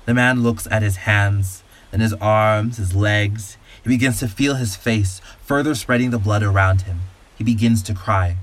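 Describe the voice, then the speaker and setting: A man hosting a podcast and narrating a story in a calm, measured, soothing way. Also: lowish voice. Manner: calm, slow, soothing guided-imagery delivery.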